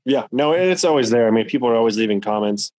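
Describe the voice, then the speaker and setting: A man's voice: mid-range voice, expressive, quick pace, a little mellow, dry recording, rough recording. A man chatting casually as podcast host, rambling and repeating words as he thinks. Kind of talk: casual chat.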